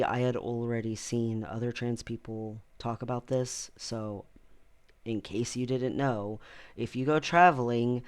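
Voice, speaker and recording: A man talking casually in a personal vlog, with a voice of ordinary middle pitch. He rambles loosely, stops often for ums, and breaks into laughter easily. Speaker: vlogger.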